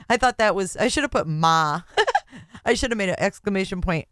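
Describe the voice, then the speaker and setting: Chatty grandma livestreamer with a smooth voice. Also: female voice, mid-range voice, expressive, normal speed, a bit bright, dry recording, clean studio sound. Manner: chatty and emotional, thanking viewers by name. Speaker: livestream host. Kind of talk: casual livestream chat.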